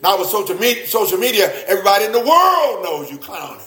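A man preaching a sermon, swinging between loud exclamations and low, quiet asides, often repeating and restarting his words. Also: animated, fairly quick, hardly any pauses, echoey room.

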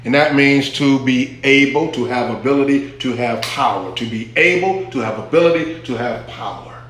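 Speaking at normal speed, this pastor has a mid-range voice with a fairly bright tone. His teaching sermon echoes heavily around the hall as he drives home key phrases through repetition and calls for responses from the congregation.

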